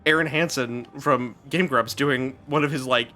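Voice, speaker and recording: A man's voice: mid-range voice, steady tone, moderate pace, pushed and bright, faint music behind. A male streamer giving casual, rambling commentary over a game, laughing often.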